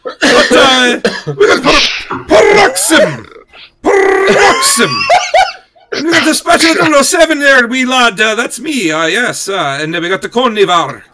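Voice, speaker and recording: A man's voice: sits high, huge pitch swings, fast talker, few pauses, heavy background noise, pitched above the performer's own voice. A man putting on a hammy jolly Irish-voiced bloke. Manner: loud, sing-song, wandering accent.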